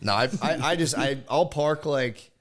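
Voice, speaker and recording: Casting note: man in his thirties, podcast host, loose swearing storyteller who bursts into shouted impressions. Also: medium pitch, normal speed. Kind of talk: casual podcast chat.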